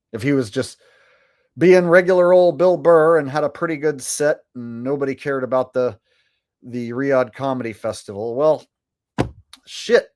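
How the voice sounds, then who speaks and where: A man's voice: medium pitch, darkish tone. A man hosting a casual livestream, rambling and swearing as he comments and reads chat. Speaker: livestream host.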